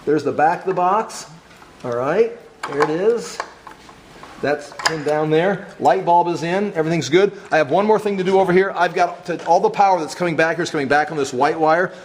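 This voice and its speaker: A man's voice: fairly high pitch, moderate pace. Man teaching wiring in an echoey classroom. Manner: step-by-step, checks that students follow. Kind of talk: hands-on classroom demonstration. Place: classroom workshop. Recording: echoey classroom, faint noise.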